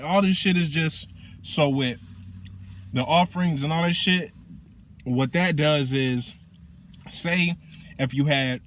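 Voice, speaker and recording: A man who works as a teacher casually explains spiritual practice in slangy, profane, animated talk. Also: medium pitch, slight background noise.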